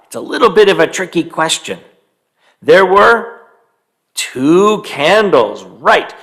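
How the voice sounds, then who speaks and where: Slow, animated man telling a children's story. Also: sits high. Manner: animated, quizzes young listeners.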